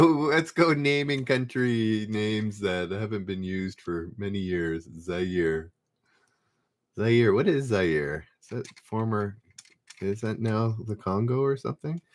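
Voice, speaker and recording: A man's voice: medium pitch, fairly bright tone. A man hosting a live trivia stream, reading questions aloud and chatting easily with viewers in the chat, laughing often. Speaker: trivia game host.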